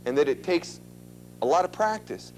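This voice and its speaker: A man's voice: a little high, lively intonation, normal speed, a little mellow, soft background music, rough recording. A man giving an instructional talk to an audience, conversational and emphatic, often asking questions. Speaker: lecturer.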